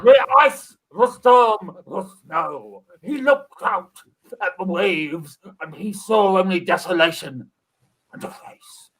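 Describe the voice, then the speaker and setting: A man's voice: high voice, expressive, slow pace, fairly bright tone. A man narrating an improvised comedy story in a mock-dramatic storytelling manner. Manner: mock-dramatic, laughing through lines.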